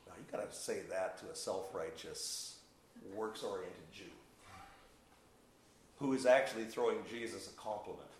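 A man's voice: lowish voice, moderate pace, pauses often, reverberant, slight background noise, poor audio. A man preaching a sermon, teaching verse by verse with emphatic, playful asides and questions to the congregation. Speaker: pastor.

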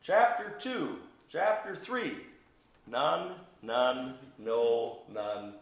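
Animated preacher man in echoey hall. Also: medium pitch, very slow, creaky. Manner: animated, emphatic, playful asides and questions. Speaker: pastor. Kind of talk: sermon teaching with humor.

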